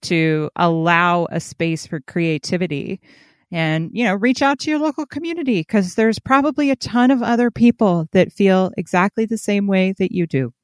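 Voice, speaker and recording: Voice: medium pitch, normal speed, no echo, studio quality. A podcast co-host in casual chat, easygoing and encouraging.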